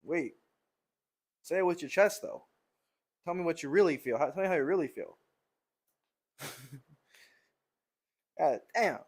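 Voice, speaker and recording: A man's voice: on the high side, expressive, a little slow, pauses often, slightly rough. Guy streaming his lifts from a home gym, jokey teasing chat, sighs and laughs between sets. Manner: joking, teasing banter with a viewer, laughs and sighs. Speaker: fitness streamer. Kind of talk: casual live-stream chat.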